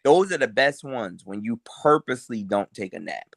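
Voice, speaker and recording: A man's voice: mid-range voice, expressive, normal speed, gravelly, no room sound, studio quality. A man in his forties co-hosting a podcast, laid-back and reflective in slangy casual chat. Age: 40s. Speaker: podcast co-host.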